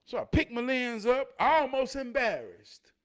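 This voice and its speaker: A man telling a personal story as a life lesson. He swings between loud, animated bursts and low, quiet asides. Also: a little slow. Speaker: motivational vlogger.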